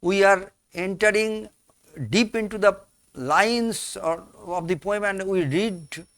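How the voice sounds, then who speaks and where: Guy teaching a poem, real slow, kinda high voice, dry close sound. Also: fairly bright tone, no room sound. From India. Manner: repeats and rephrases key words with fillers. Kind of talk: slow classroom explanation of a poem.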